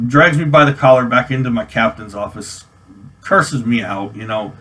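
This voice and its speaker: Speaking at a moderate pace, this mid-range male voice sounds pushed and bright. He's a forties-aged army veteran from New York vlogging a personal army story, rambling casually with plenty of fillers and restarts.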